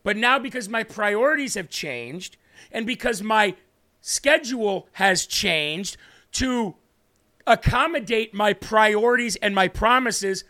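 A man's voice: high-pitched, lively intonation, slow, sharp tone. A man hosting a Christian talk show, speaking to viewers with emphatic, preachy conviction and answering their comments. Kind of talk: impassioned faith talk to viewers.

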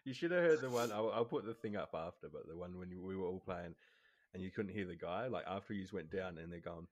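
Lively, laughing guy. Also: low voice, quick pace, muffled recording, slight background noise. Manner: laughs a lot, lively retelling. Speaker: podcast co-host. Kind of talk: casual gaming chat.

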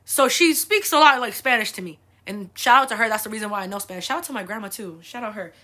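A young adult woman hosting a podcast, telling animated, profane, laughing family stories in a casual way. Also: mid-range voice, quick pace. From United States. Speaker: podcast host. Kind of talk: casual storytelling.

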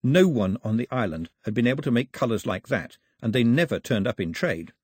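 A man narrating an audiobook in an expressive, storytelling manner on a close studio mic. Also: medium pitch, fairly quick, breathy edge, no echo. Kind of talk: scripted narration.

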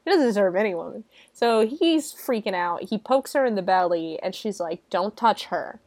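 A young woman giving a casual, chatty movie recap, swearing freely and jumping into high, loud mock quotes. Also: expressive, moderate pace, dry recording. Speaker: movie reviewer.

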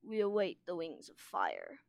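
A woman voicing a weary, bitter female red dragon speaking in a hushed, grim way. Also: on the low side, wildly swooping pitch, unhurried, gravelly, no echo, full character voice.

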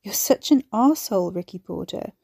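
A woman's voice: medium pitch, lively intonation, brisk, vocal fry, darkish tone, husky, no echo, studio quality. A woman voicing a tipsy, emotional young woman who talks in a tearful, tipsy way. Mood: upset.

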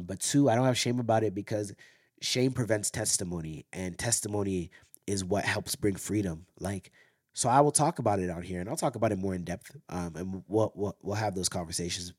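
A man hosting a solo faith podcast who shares a personal testimony openly and earnestly, with his voice going hoarse. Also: sits low, fairly quick, darkish tone. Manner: earnest, open, ends in spoken prayer. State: losing his voice. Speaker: podcast host.

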